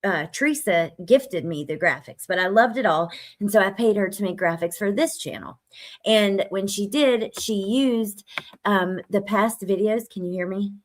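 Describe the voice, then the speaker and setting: A woman's voice: medium pitch, normal speed. A woman hosting a casual livestream, chatting with a guest, laughing often and reading viewer comments aloud. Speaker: livestream host. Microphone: desk microphone.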